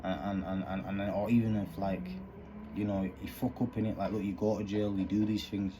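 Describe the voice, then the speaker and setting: A man's voice: fairly low pitch, little pitch movement, a little fast, noisy background. A man, talking earnestly in rambling street slang about fatherhood. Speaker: vlogger. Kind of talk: candid monologue.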